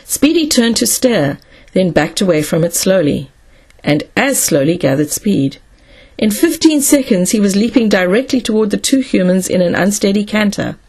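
A woman narrating a science fiction audiobook in a steady storytelling manner. Her voice is mid-pitched and somewhat husky and breathy. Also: normal speed.

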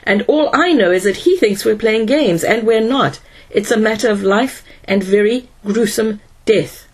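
A woman voicing an excitable, emphatic young male engineer who complains loudly. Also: mid-range voice, unhurried, breathy edge. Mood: excited, emphatic. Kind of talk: audiobook character voice.

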